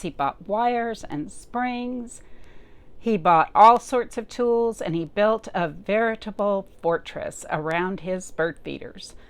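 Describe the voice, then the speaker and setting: Slow, expressive woman reading a storybook. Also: mid-range voice. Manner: slow, expressive, pausing to talk to young listeners. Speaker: children's librarian. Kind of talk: reading a picture book aloud to children.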